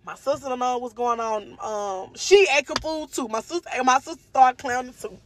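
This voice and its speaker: A woman, telling a personal story casually to her viewers in an animated way. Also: slight background noise. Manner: animated, acts out quotes with jumps in pitch, speaks fast and slow by turns.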